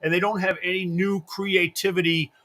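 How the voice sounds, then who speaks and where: A man's voice: high voice, flat delivery, normal speed, pushed and bright. A man hosting a sports radio show, chatting casually and ranting with profanity and mocking impressions.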